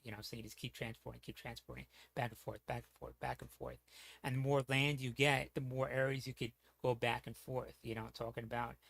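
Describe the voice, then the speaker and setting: Gravelly-voiced man rambling casually. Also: medium pitch, expressive, fairly quick, fairly bright tone. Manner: rambling, lots of fillers and restarts; swears casually. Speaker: streamer.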